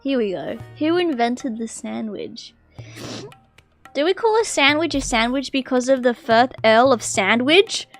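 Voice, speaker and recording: A high-pitched woman streams live, reading a text aloud and breaking off often to chat with her viewers. She gets loud and excitable, with quick bursts of apology and exclamation. Faint music plays under her voice.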